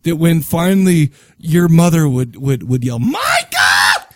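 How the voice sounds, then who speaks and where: A man's voice: on the high side, normal speed, no room sound, studio quality. A man hosting a podcast, joking and laughing in casual banter. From Salt Lake City area. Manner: joking, animated, laughs often. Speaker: podcast host.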